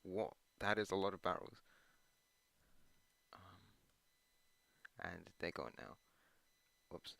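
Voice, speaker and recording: A gaming channel host rambles casually while playing a video game, his voice low, creaky, bright and forceful. He takes it slowly with long pauses, meandering and hesitant with plenty of ums and uhs, and tosses in self-deprecating asides. The recording is dry.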